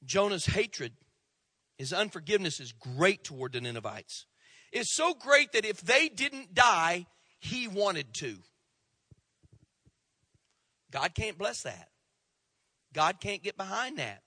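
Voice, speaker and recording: A man preaching a sermon as pastor, swinging between loud rising outbursts and hushed drops. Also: high voice, big pitch swings, takes it slowly, long pauses, husky, dry recording.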